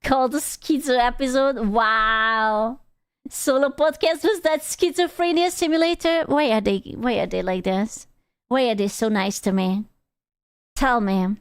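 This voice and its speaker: A woman's voice: on the high side, unhurried, smooth, no room sound, clean studio sound. A young woman streamer chatting casually with her chat, rambling, teasing and swearing freely.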